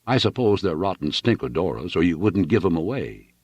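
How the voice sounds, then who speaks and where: A man voicing a gruff, hot-tempered male ranch owner who barks blunt orders. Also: low voice, sing-song, a little fast, darkish tone, dry recording, heavily acted.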